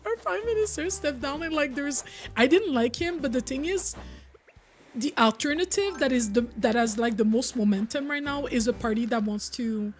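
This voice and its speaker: A woman's voice: high voice, expressive, normal speed. Chatty woman streamer. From Quebec, Canada. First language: French. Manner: chatty, answers viewers' chat as she talks. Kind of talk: casual live-stream chat. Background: soft background music.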